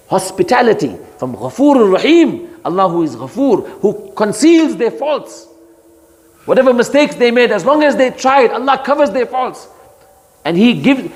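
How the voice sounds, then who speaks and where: Male preacher, lively and emphatic, slightly high voice, chants verses; booming hall reverb. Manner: emphatic, rising to high pitched rhetorical challenges, chants Arabic verses. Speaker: Islamic scholar giving Quran commentary. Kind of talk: sermon.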